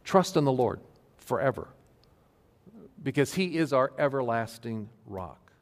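A male pastor giving an earnest sermon to his congregation, stressing key phrases slowly. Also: mid-range voice, expressive. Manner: earnest, emphatic preaching with slow stressed phrases. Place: church sanctuary. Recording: long hall reverb.

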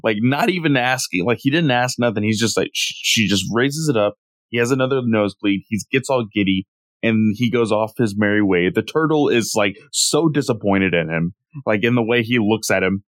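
A man co-hosting a podcast, retelling scenes casually and mimicking characters in higher voices. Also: animated, moderate pace, dry recording. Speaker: podcast co-host. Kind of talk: casual chat.

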